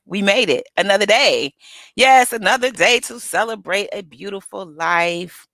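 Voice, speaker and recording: Gravelly-voiced upbeat woman coach. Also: fairly low pitch, fairly bright tone, no room sound. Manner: chatty, upbeat, greets viewers by name; casual slang, calls out to the audience. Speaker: motivational host and accountability coach. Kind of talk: live motivational stream talk.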